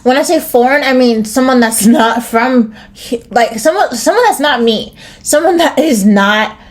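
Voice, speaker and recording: An American podcast host speaks in a high voice with lively intonation at a moderate pace during a solo rant. Rambly and profane, she frequently restarts and says "like" all the time.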